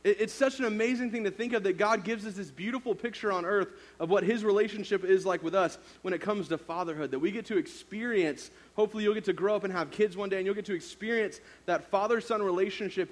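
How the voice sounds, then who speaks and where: A man's voice: high-pitched, fast talker, few pauses. Casual man telling a sermon story. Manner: casual storytelling, many fillers. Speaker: youth pastor.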